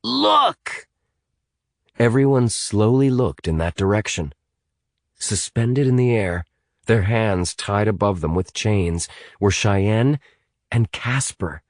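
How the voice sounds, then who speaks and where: A man reading a thriller audiobook in an expressive, dramatic way. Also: on the low side, slow pace, dry recording, clean studio sound. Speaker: audiobook narrator. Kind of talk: scripted audiobook narration.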